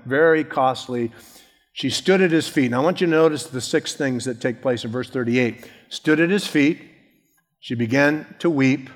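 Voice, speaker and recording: A man gives a conversational sermon, walking through scripture like a story and dropping casual asides. His voice sits a little high for a man. The sound carries a long hall reverb. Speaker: pastor.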